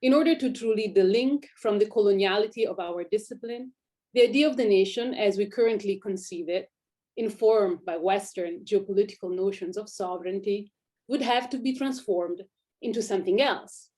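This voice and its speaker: A woman with an Italian accent, an academic researcher giving a prepared conference talk in a measured way, reading from a script. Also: medium pitch, warm tone.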